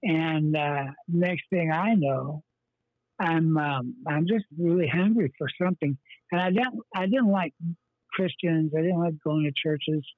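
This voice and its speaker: A man's voice: a little high, measured pace, dry recording. A man, a pastor, earnestly telling his life story in an interview, rambling with many fillers and restarts. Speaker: pastor, guest. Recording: tinny phone-line sound.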